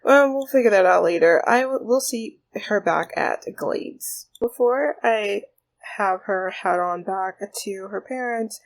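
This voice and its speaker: A woman hosting a life-sim game playthrough, talking through it in a bubbly, chatty way. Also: medium pitch. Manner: bubbly, chatty, lots of fillers. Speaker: gaming video host. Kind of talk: casual let's play commentary.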